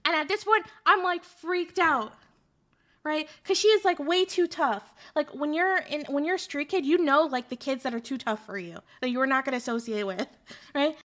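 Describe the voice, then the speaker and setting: A woman streamer telling a story in a casual, animated, rambling way with lots of fillers. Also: high-pitched, moderate pace.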